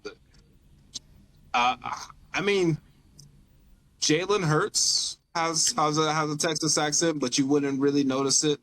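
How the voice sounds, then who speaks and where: Young man, podcast guest, casual chat, playful, laughs a lot, a bit high-pitched. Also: measured pace, long pauses, fairly bright tone, slight background noise. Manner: laughs often, easygoing and playful.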